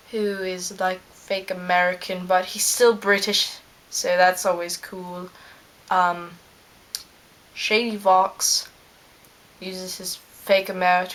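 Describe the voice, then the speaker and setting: A woman plays a smug male scientist who rambles along in an in-character fan video. He takes his time over every line, drawls slowly and pads his thoughts with ums. His pitch sits at an ordinary middle height. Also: a bit bright.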